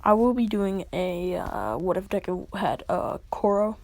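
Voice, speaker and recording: Slow, gravelly woman rambling a story. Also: medium pitch, very animated, darkish tone, no room sound. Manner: rambling, many fillers, drops into whispers. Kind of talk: casual improvised fan-fiction storytelling.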